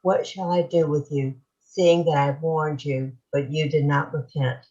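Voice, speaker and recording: A woman in a class reads a scripture text aloud in a measured, careful way. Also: deep voice, fairly even intonation, warm tone, muffled recording. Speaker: class participant reading aloud.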